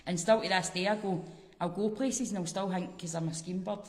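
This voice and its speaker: A woman's voice: lowish voice, fairly quick, in a large hall. A Scottish woman, a guest comedian, telling stories in casual chat, swearing freely and laughing often. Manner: swears freely, animated storytelling with frequent laughs.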